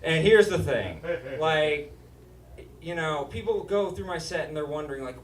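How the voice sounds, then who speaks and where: A man's voice: fairly high pitch, expressive, normal speed, far from the mic, a little hiss or hum. A man from Utah doing a stand-up comedy set, with a nasal, whiny voice and sardonic, swearing punchlines. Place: small comedy stage with live studio audience. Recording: roomy stage with audience laughter.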